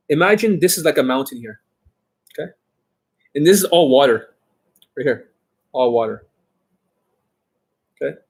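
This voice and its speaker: A man's voice: a little high, husky. A man working as a dating coach, talking to the camera in a boastful way and swearing a lot. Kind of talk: profane talk to camera.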